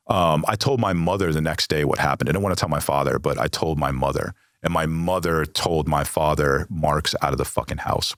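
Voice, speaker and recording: A man's voice: very deep voice, a bit bright, dry recording, studio quality. An American man, a podcast guest, candidly telling a personal story with blunt, frequently profane language. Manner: blunt, heavy swearing.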